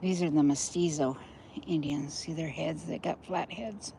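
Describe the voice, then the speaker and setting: Slow gravelly older woman vlogging outdoors. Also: sits low, steady tone, mellow, a little hiss or hum. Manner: chatty, meandering, talks straight to viewers. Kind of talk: rambling walk-and-talk vlog. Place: outdoors by a river in cold weather.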